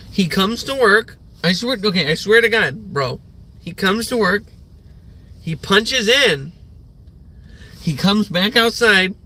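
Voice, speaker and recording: A young male livestreamer with a high-pitched, sharp voice goes on a rambling morning rant. It's loaded with fillers and swearing.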